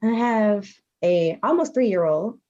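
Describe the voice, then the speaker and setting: Woman guest thinking out loud about life, kinda muffled lo-fi audio. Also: mid-range voice, animated. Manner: candid and reflective, with quick laughs. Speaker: podcast guest. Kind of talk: casual conversation.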